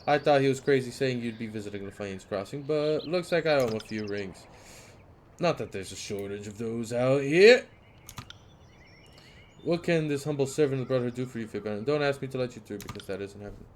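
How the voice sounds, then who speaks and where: A man's voice: medium pitch, animated, fairly quick, a little hiss or hum, lightly acted. A man voicing a smug, falsely polite male toll guard, reading game dialogue aloud with sly courtesy. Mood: mocking.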